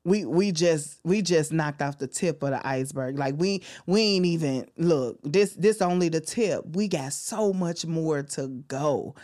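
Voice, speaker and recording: A woman hosting her own podcast, talking alone with deep feeling and frequent exclamations. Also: a little slow, hardly any pauses, mellow. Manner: heartfelt, testifying, exclaims often. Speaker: podcast host. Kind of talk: emotional solo podcast talk.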